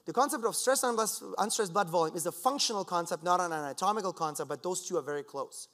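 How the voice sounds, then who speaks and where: Lively man giving a conference lecture. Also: high-pitched, fast talker. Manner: lively, conversational lecturing with asides to the audience. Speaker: conference speaker. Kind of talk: scientific conference talk. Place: lecture hall.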